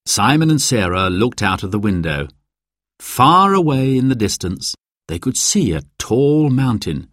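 Slow, expressive man reading a storybook. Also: lowish voice, no echo, studio quality. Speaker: audiobook narrator. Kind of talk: children's storybook narration.

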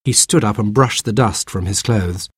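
A man reading a children's storybook aloud in an expressive way. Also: fairly low pitch, normal speed, breathy edge, no room sound, clean studio sound. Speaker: narrator.

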